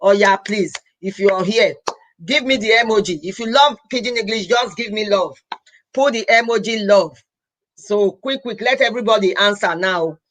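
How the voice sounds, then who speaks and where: Her voice is medium-pitched with a fairly bright tone. She's a young adult Nigerian-accented woman from Edo State, a healthcare professional running a casual live stream, who pleads earnestly, says things more than once, and switches into Pidgin.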